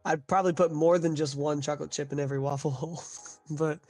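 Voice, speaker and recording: A man hosts a live stream in easy, upbeat conversation, laughing often. His voice sits a little high and sounds slightly worn after a recent illness. Faint music plays in the background. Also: fairly even intonation, quick pace, darkish tone. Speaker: host. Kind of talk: casual chat.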